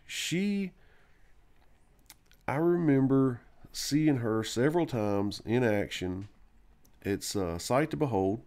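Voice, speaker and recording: A man's voice: mid-range voice, lively intonation, slow pace, long pauses, a little mellow. A man telling a long personal story in a loose, rambling way on a live stream, full of fillers and restarts. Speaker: live stream co-host or guest.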